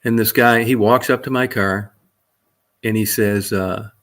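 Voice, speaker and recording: A man's voice: lowish voice, fairly even intonation, unhurried, a bit bright. A man from Michigan telling a story in a casual, blunt and profane way. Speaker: vlogger.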